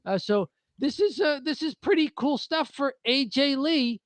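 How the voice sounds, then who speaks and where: A man's voice: very high voice, animated, measured pace, no echo. A man co-hosting a wrestling podcast, reading news in a chatty, joking way with frequent restarts. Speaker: podcast co-host. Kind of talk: casual wrestling news chat.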